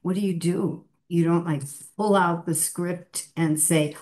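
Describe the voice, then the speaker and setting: A woman talks in a reflective conversation, unhurried and thoughtful. Her voice sits low and sounds mellow. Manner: slow, thoughtful, with laughs. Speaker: spiritual teacher.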